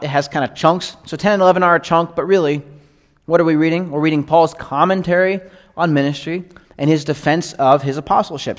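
A male pastor with a somewhat high voice gives a relaxed verse-by-verse teaching, chatty and animated. He slips into quick acted-out asides between readings. His voice carries a long reverb, like a sanctuary. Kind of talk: casual verse-by-verse Bible teaching.

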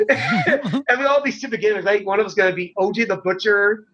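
A middle-aged former pro wrestler tells stories casually and ramblingly, full of fillers and the occasional swear word. His voice sits high, very animated and a little fast, slightly bright, on a dull lo-fi recording.

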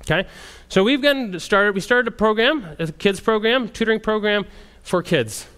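A man who works as a missionary, telling a story to a group in an animated way and often restarting his sentences. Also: high-pitched, normal speed, clear, resonant tone. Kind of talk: storytelling testimony talk.

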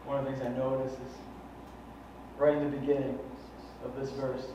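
A man's voice: medium pitch, flat delivery, normal speed. A man pastor preaching a sermon, fervent and conversational, with many rhetorical questions. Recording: echoey hall from far off, dull and faintly noisy.

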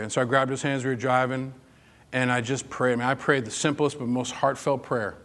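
A man's voice: medium pitch, steady tone, fairly quick, a bit bright. A man preaching a sermon, telling personal stories in a conversational way that rises into emphatic peaks. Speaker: pastor.

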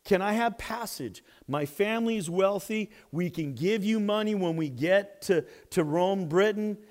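A high-voiced preacher doing an eager young runaway, pleading with a ship captain. It comes across as a storytelling voice in a sermon. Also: male voice, unhurried, darkish tone. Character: young escaped male slave, eager and pleading.

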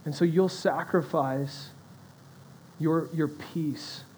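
High-voiced man preaching conversationally. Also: takes it slowly, slight background noise, rough recording. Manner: conversational preaching to students, animated asides. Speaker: pastor. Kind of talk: sermon.

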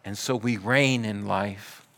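A man preaching a sermon, telling a story in a measured way and dropping to soft, quiet passages. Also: on the low side, fairly even intonation. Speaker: pastor.

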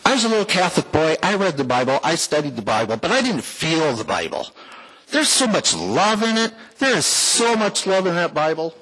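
In a church sanctuary, a man gives the congregation a folksy, heartfelt personal testimony sprinkled with small jokes. His voice is a little high, a bit bright and slightly rough, very animated and brisk, on a low-quality recording.

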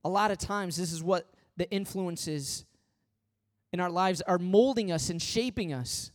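A man preaching a sermon as pastor, swinging from loud pleading questions to hushed, earnest appeals. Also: high voice, unhurried.

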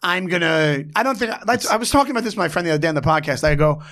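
A man, a comedian, in casual podcast chat, animated and jumping into a high silly voice when quoting people. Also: very fast.

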